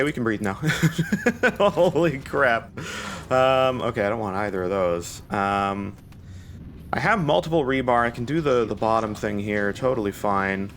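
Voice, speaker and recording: Talking to himself with nervous laughs, a young gaming YouTuber provides panicky, rambling live commentary as he plays a video game. His voice is medium-pitched and fairly bright, with a little hiss or hum on the recording.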